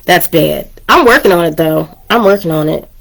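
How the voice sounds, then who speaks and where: A chatty woman hosts her podcast in a frank, conversational way, laughing easily. Her voice has a gravelly fry, and she sounds a bit under the weather. She keeps her level low on a turned-down microphone. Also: expressive, moderate pace. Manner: chatty, candid, laughs often. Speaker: podcast host. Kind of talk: casual chat.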